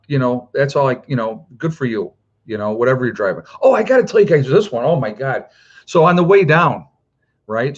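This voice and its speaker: A man's voice: medium pitch, muffled recording. A middle-aged man hosting a prepper channel, telling a story casually and rambling with lots of filler words. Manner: rambling, many "you know" fillers.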